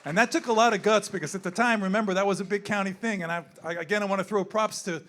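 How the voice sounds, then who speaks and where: A man's voice: high-pitched, quick pace, a bit bright. A man in his sixties who works with zoo animals, giving a candid, rambling speech at a gala on a handheld mic. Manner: rambling, candid, repeats himself. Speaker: zoo wildlife worker speaking at a gala. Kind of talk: off-the-cuff event speech. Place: indoor event room.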